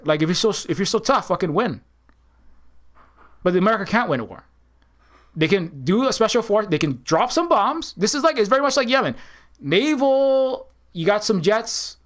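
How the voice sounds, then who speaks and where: A man with a high voice delivers heated, unscripted political commentary. He rambles and restarts his sentences often, and he mocks opposing views in a raised voice. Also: fairly bright tone.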